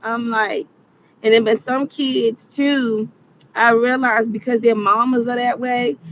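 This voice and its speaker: High-voiced chatty woman storyteller. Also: muffled recording, slight background noise. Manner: chatty, laughs often, acts out quotes. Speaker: vlogger. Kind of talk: casual storytelling.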